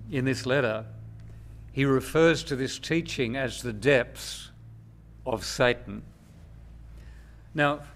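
Slow, measured male preacher. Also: mid-range voice, fairly bright tone. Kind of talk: sermon.

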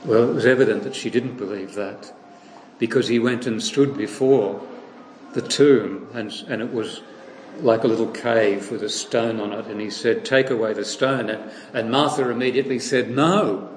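A man preaching a sermon, retelling a story in a lively way and acting out the voices he quotes. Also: on the low side, moderate pace, reverberant, a little hiss or hum, poor audio.

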